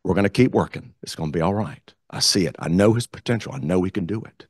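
A man telling a story as guest speaker at a club meeting, animated, acting out the quotes. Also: low voice, quick pace, breathy edge, no room sound, studio quality. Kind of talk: storytelling speech. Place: meeting room.

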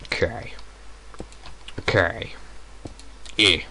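A man's voice: low voice, steady tone, drawn-out words, bright, forceful tone, slight background noise. A young man giving casual, rambling gameplay commentary at home, hesitating often with fillers. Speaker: let's play gamer. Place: room at home.

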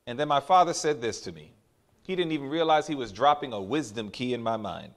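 Male preacher, sermon delivery, high voice, emphatic, draws out key lines. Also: sing-song, fairly bright tone. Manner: emphatic, call-and-response with congregation; drawn-out stressed phrases for emphasis.

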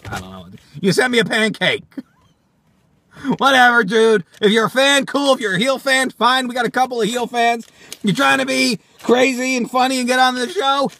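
A man hosting a toy-show vlog from inside his car, reading fan mail and reacting with excitable, profane, yelling rants. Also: very high-pitched, normal speed. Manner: excitable, swearing, yelling outbursts. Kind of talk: profane comedic vlog rant.

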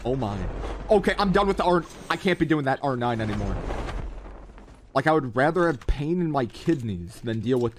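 A man giving jokey, excitable live commentary while playing a mobile shooter game. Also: medium pitch, moderate pace, background noise. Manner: excitable, jokey, keeps exclaiming in alarm. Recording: loud game gunfire behind. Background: game gunfire and explosions.

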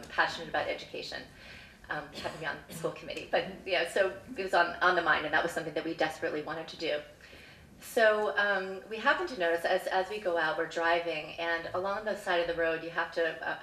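A woman on the school committee telling a travel story at a live story slam, measured and earnest, pausing often with "um". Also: on the low side, fairly bright tone. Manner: measured, earnest, frequent "um" pauses. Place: stage in a hall. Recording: echoey hall, mic from far off.

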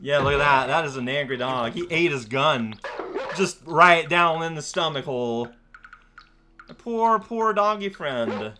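A man giving casual gameplay commentary as a let's play host, rambling and goofy with excitable bursts. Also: fairly high pitch, unhurried, noisy background. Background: game music.

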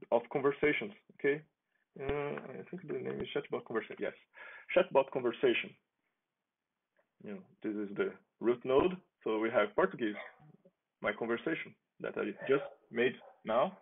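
A man casually demonstrating his software project on a screen share, talking in a halting, unhurried way and chuckling as he goes. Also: medium pitch, gravelly, slightly rough. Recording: tinny phone-like lo-fi audio.

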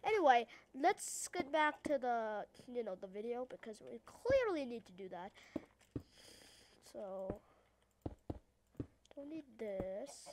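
A woman's voice: fairly high pitch, sing-song, moderate pace, noisy background. A woman with an Australian accent giving hyper, rambling, jokey let's-play commentary as a gaming YouTuber.

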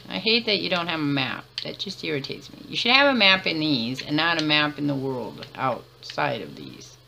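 Gravelly woman chatting through a game. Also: low voice, big pitch swings, moderate pace, pushed and bright, slight background noise. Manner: chatty, laughs often, mutters to herself while playing. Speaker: gamer. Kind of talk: let's-play commentary.

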